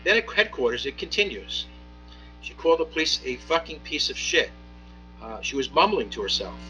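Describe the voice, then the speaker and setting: Bright-voiced man delivering a court ruling. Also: a little high, big pitch swings, highs cut off, a little hiss or hum. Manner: measured, deliberate, many fillers and restarts. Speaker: municipal judge. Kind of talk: ruling from the bench.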